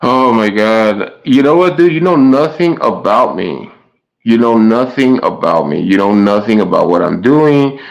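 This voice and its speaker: A man's voice: on the low side, animated, a little slow, gravelly, highs cut off. A man streaming live and chatting casually with his viewers, stumbling over his words and trading sarcastic jabs with chatters.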